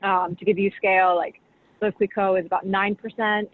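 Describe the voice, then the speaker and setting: A woman's voice: medium pitch, level tone, moderate pace. Chatty woman on a tinny video call. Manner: chatty, full of "like" and "you know". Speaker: champagne brand director, guest. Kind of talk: casual explanatory talk. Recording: tinny video call audio with faint hiss.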